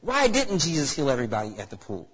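A man's voice: medium pitch, wildly swooping pitch, fast talker, fairly bright tone, slightly rough. A man preaching a sermon in a church hall, asking the congregation rhetorical questions. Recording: echoey hall reverb.

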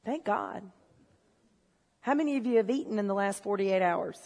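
A woman preaching a sermon in a church, telling stories and swinging from low, confiding talk to shouted excitement. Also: normal speed. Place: church hall. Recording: long hall reverb.

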